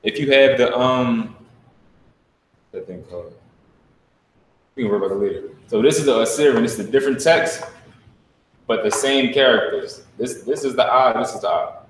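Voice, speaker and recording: A man standing in as teacher in a live online class, talking casually and slowly sounding out letters one by one with emphasis. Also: mid-range voice, a little hiss or hum. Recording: echoey room, voice from a distance.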